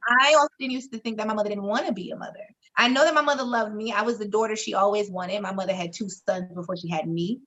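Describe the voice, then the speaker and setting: A woman, co-hosting a podcast and telling a candid story in a frank, expressive way, swearing freely and acting out the voices she quotes. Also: medium pitch, fast, hardly any pauses, muffled recording. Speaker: podcast co-host.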